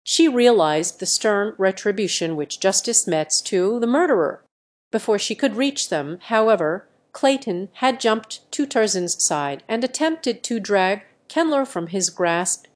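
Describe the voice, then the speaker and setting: A woman's voice: mid-range voice, measured pace. Synthetic woman narrating an audiobook. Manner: steady synthetic reading voice.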